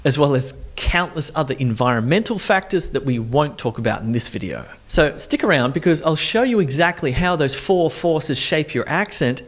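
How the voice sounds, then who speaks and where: An accent coach giving a scripted explainer, talking clearly and asking the viewer questions. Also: mid-range voice.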